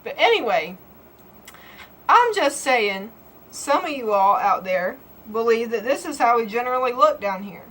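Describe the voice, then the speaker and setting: A woman's voice: a little high, sing-song, unhurried, fairly bright tone, low-quality recording. A young woman from Georgia with a Southern accent, vlogging in a playful, folksy way with an exaggerated drawl. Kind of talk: comedic casual vlog.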